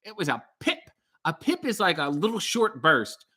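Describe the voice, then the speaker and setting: Upbeat male streamer, slightly raised pitch, reacting to chat with playful energy. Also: normal speed, breathy edge. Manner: animated, jokey, reads comments aloud in a bright upbeat voice. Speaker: streamer reading live chat. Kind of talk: casual live-stream chat.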